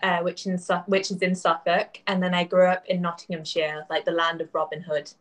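English woman, faded accent, podcast guest, relaxed playful chat, slightly low voice. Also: brisk. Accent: English, softened by years in the Netherlands. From England. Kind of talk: casual chat.

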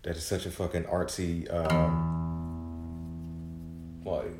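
A man's voice: low voice, fairly even intonation, takes it slowly. A man rambling through a casual, profane solo podcast monologue, full of restarts and mumbled asides. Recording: echoey room with faint guitar music.

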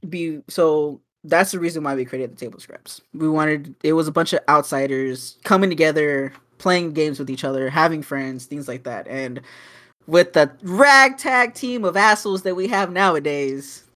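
A man's voice: on the high side, normal speed, sharp tone. A young man co-hosting a casual podcast, rambling with lots of fillers, restarts and swearing. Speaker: podcast co-host. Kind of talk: casual chat.

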